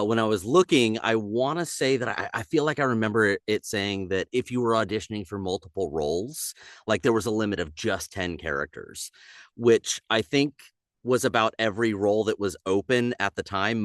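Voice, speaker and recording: Animated male voice actor chatting. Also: lowish voice, brisk, no room sound, clean studio sound. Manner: animated, slips into character voices mid-story. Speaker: voice actor guest. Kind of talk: casual podcast chat.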